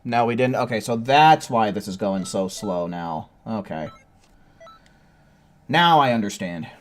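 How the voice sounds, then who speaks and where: A man's voice: lowish voice, expressive, unhurried. A man casually chatting with his viewers while streaming a video game, swearing freely and rambling as he waits. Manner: chatty, swears casually, sings silly improvised tunes while waiting. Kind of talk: casual live-stream gaming chat.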